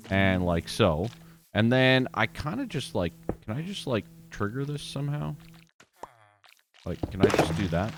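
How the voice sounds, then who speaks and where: A low-pitched man narrates his own gameplay in a relaxed, unhurried way, his pitch leaping up and down as he talks. He is chatty and pokes fun at himself while speaking straight to his viewers, with faint music under his voice. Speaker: gaming video host. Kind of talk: casual gameplay commentary.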